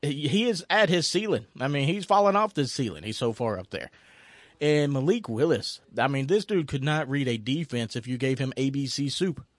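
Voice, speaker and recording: A man's voice: mid-range voice, normal speed, no room sound. Hyped sports host guy, laughs constantly, stammers, dry close sound. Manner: excitable, laughs often, stammers and repeats words. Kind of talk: casual sports chat.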